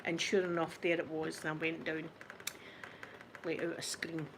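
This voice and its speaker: A woman's voice: sits low, flat delivery, moderate pace, background noise. A Scottish woman in her forties chatting casually with viewers, self-mocking and laughing often as she tells stories. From Scotland. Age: 40s. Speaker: ASMR channel host chatting with viewers. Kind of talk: casual chat.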